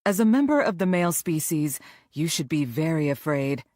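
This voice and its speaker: A woman's voice: deep voice, normal speed, no echo. A woman voicing a sassy, wry female friend in a thriller audiobook, with a dry close sound. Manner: wry, lively.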